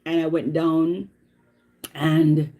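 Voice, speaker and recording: A Jamaican woman talks casually to her live viewers, her voice lively and animated. She tells stories with frequent laughter and drifts into chatty asides. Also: low voice, very slow. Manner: animated, laughs often while telling stories. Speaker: livestream host.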